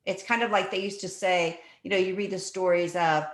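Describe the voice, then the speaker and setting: A woman's voice: fairly low pitch, steady tone, fairly quick. A woman talking earnestly on a video call, telling stories with many restarts. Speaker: guest speaker. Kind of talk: casual talk on a video call. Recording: roomy video call audio.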